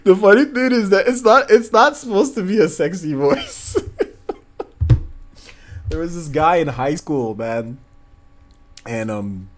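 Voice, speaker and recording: A man in his thirties hosts a casual livestream, meandering through stories and laughing a lot. His voice is high and animated, a little slow, and he pauses often.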